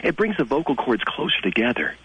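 Man doing a cheery salesy doctor, husky, lively pitch, comedy radio call. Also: brisk, no room sound, full character voice, poor audio. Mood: chipper. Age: 40s. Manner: chipper, salesy, laughing often. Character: overly cheerful male doctor selling voice surgery, in his forties. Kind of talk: comedy radio bit, phoned in.

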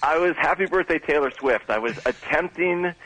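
A man's voice: a little high, moderate pace, pushed and bright, dry recording, poor audio. A man leaving rambling, embarrassed voicemails and then talking on the phone, flustered and self-deprecating. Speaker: caller. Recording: voicemail played on radio.

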